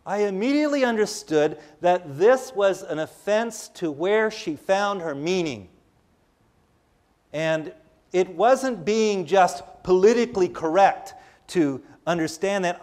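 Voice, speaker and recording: A man's voice: high voice, lively intonation, slow, a little mellow. An older man giving a conversational lecture, telling personal stories in a chatty, rambling way with frequent restarts. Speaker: public speaker.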